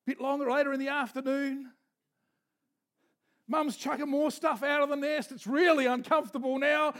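A man's voice: very high voice, level tone, moderate pace, a bit bright. A man preaching a sermon as pastor, telling stories in a folksy manner with asides. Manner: storytelling with folksy asides and restarts.

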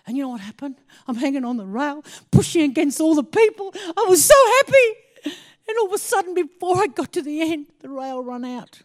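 A woman with a high voice preaches through a personal story, dropping to near-whispers for solemn points and rising to excited exclamations. Her telling is animated and full of laughter. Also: brisk.

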